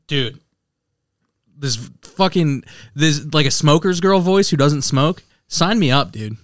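A man's voice: on the high side, expressive, slow, no echo. Rambling young man, dry close mic. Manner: rambling, profane, full of "dude". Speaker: podcast co-host. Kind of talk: casual chat.

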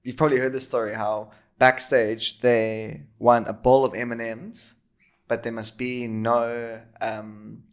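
A man's voice: mid-range voice, little pitch movement, a little slow. A man hosting a podcast, telling stories in easygoing casual chat. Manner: storytelling, easygoing, asks questions. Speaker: podcast host.

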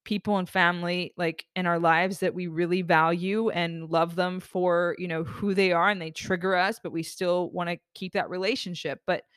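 A woman hosting a self-help talk podcast, speaking earnestly in a rambling, expressive way. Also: on the low side, moderate pace, hardly any pauses, clean tone, dry recording, clean studio sound. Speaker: podcast host.

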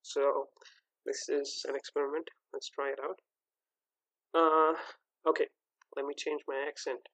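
A man hosts his own movie podcast, rambling casually and circling back with fillers and restarts. His voice sits a little high and moves at an unhurried, drawn-out pace. The sound is close and dry. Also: little pitch movement, pushed and bright, dry recording, poor audio. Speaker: podcast host. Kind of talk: casual solo podcast talk.

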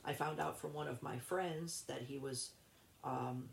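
Interview guest: woman, gravelly low voice, rambling and halting, echoey room. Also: fairly even intonation, slight background noise. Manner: rambling, halting, with many restarts. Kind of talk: personal storytelling in an interview.

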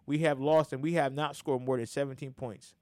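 A man hosting a podcast, talking sports casually, animated, swinging between loud and soft and often restarting his sentences. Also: mid-range voice, brisk, no echo. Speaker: podcast host.

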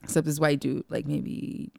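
A woman with a low, gravelly voice tells a personal story in loose, casual chat. She swears freely and jumps into the voices of the people she quotes. The sound is close and dry. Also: normal speed, dry recording. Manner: animated, profane, acts out quoted dialogue.

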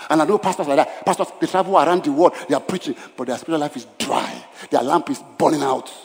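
A man preaching a sermon as pastor, emphatic, swinging between loud declarations and hushed lines. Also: a little high, quick pace, slight background noise. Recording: long hall reverb.

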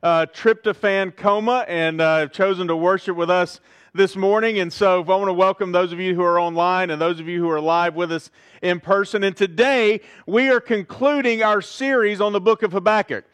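A man's voice: sits high, fairly even intonation, moderate pace, fairly bright tone, no room sound. A man preaching a sermon as pastor in a church service, in a conversational way and asking his congregation questions.

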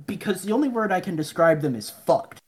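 A man's voice: high voice, animated, brisk. A man, a podcast guest, telling rambling stories in casual chat, swearing often and mumbling the voices of people he quotes.

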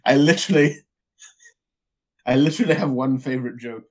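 A man co-hosting a casual podcast chat, often giggling and breaking into high laughs. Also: normal speed. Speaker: podcast co-host.

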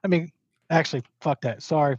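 A man calls into a casual podcast with a slightly high voice and makes his fight picks. He swears freely and keeps changing his mind. His audio is dull and completely dry. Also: brisk, slightly rough, dry recording. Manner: chummy, swears freely, second-guesses himself. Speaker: podcast co-host.

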